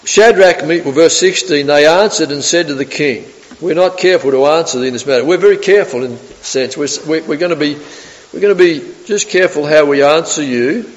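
Male preacher, slightly high voice, animated sermon in a reverberant church hall. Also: a little fast, dull audio. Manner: animated, acts out the story in character voices.

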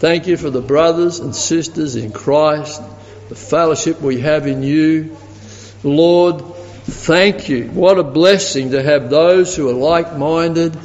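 A man preaching a sermon, telling a story and quoting others with animated delivery. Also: fairly high pitch, slow. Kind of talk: sermon with anecdote. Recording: dull sound with long reverb in a hall.

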